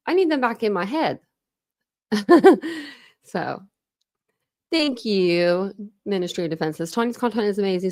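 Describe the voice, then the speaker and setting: A woman hosting a true crime livestream, chatting casually and greeting viewers by name between frequent laughs. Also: mid-range voice.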